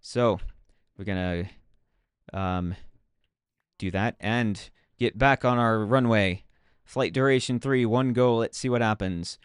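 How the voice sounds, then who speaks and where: A man's voice: on the low side, slow pace, clear, resonant tone, no room sound, studio quality. A man streaming a video game, chatting casually and mocking himself as he plays. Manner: chatty, self-mocking, talks to himself while playing. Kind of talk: casual gameplay commentary.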